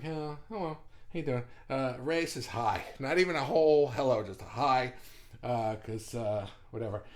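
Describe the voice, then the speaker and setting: A man hosts a live art group stream from his desk, chatting loosely and rambling through fillers and restarts. His voice sits at an ordinary middle pitch, and he greets viewers as they arrive. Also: darkish tone. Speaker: host of an online art group livestream. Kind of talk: casual livestream chat.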